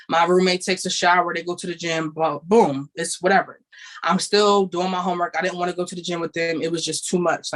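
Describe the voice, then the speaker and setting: A woman's voice: fairly low pitch, low-quality recording. A young woman hosting a podcast, telling a personal story bluntly, with swearing and quoted dialogue. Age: young adult. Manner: blunt, profane, animated retelling with quoted dialogue. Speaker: podcast host. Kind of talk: candid storytelling.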